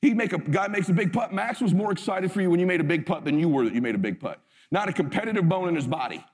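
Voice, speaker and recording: Man, middle-aged, emphatic storyteller, slightly high pitch, long hall reverb. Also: expressive, quick pace. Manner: intense, emphatic, swears freely. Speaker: motivational speaker. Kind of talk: live storytelling talk.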